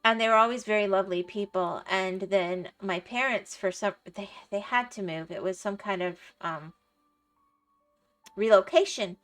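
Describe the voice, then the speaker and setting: A woman's voice: medium pitch, moderate pace, a bit bright, faint music behind. A middle-aged woman livestreaming, chatting casually and rambling through stories, laughing often and answering her chat. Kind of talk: casual chat while gaming.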